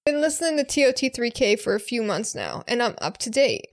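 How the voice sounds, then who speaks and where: Lively, gravelly woman podcast co-host. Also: fairly high pitch, fairly quick, dry recording. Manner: lively, laughs easily. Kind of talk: casual chat reading listener reviews.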